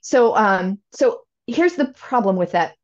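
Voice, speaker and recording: A woman's voice: mid-range voice, animated, unhurried, lo-fi sound. A woman guest in an interview, explaining language learning in a thoughtful way, often correcting herself and acting out learner questions. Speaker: language education expert guest.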